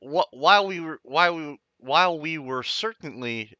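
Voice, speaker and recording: Male player, very bright and animated, dry close sound, dull lo-fi mic. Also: a little high, dry recording. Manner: halting, lots of restarts, playful. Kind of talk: casual tabletop play over voice chat.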